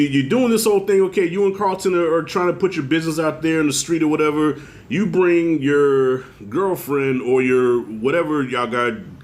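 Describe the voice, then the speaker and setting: A middle-aged man giving a casual video review of a TV show, telling stories in a loose, profane, animated way. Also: mid-range voice. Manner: animated, profane storytelling with acted-out quotes.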